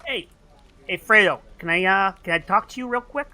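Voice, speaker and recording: A man's voice: high-pitched, normal speed, sharp tone, a little hiss or hum. A man doing a coaxing mobster boss. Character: smooth menacing mobster man.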